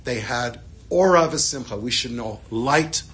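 Rabbi giving a sermon through a story; bright, sharp voice, animated, sinks to a hush. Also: male voice, mid-range voice, unhurried, a little hiss or hum. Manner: animated storytelling, drops to hushed tones.

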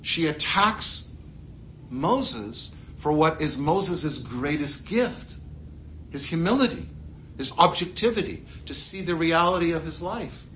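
A man teaching a Torah class, his voice swooping up and down with animation. His tone is bright and forceful, and he keeps throwing rhetorical questions and playful asides at his listeners. A faint hum of room ambience sits behind him. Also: on the high side, expressive, takes it slowly.

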